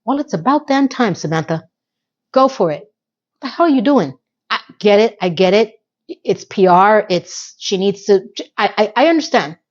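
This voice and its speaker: A middle-aged woman chatting through a TV episode recap, an animated storyteller full of emphatic asides. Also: mid-range voice, normal speed, muffled recording. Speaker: TV recap vlogger.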